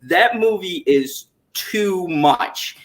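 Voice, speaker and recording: A man in his thirties hosting a casual chat stream, animated and profane, laughing often as he talks. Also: high-pitched, very slow. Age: 30s. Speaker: stream host.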